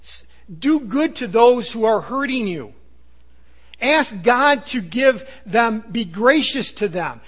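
A man preaching a sermon, earnest and emphatic, sometimes dropping to a low hush. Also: animated, slow. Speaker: pastor.

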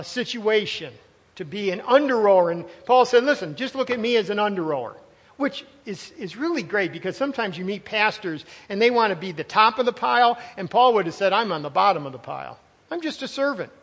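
A high-pitched man delivers a sermon as pastor, speaking in an emphatic, conversational way that doubles back on phrases for stress. His voice carries a long reverb tail, as if recorded in a church sanctuary. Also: a bit bright. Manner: emphatic, conversational preaching with asides and repeated phrases.

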